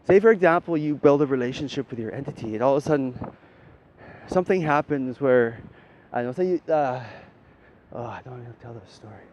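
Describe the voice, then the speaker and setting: A man with a darkish tone and lively intonation talks a little fast through a rambling spiritual monologue. He swears casually and often caps his points with "right?" The lo-fi audio is dull, with a faint rumble.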